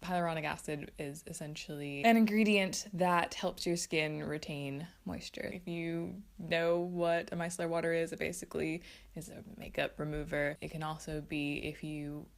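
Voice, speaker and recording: A woman's voice: deep voice, steady tone, normal speed, creaky. A woman hosting a casual skincare favourites video, chatty and enthusiastic. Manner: chatty, enthusiastic, self-aware. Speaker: beauty vlogger.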